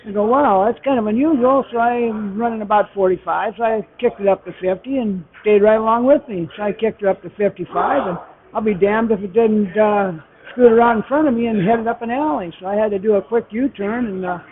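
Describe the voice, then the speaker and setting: A man's voice: sits high, brisk. An older man telling a long folksy joke in a rambling storytelling manner, as a comedy show host. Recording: tinny phone-like radio sound.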